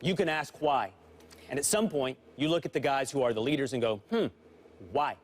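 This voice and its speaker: A man's voice: mid-range voice, fairly quick. A man on a sports talk show making an emphatic, point-by-point argument as a panelist. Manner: emphatic, builds points by numbered lists.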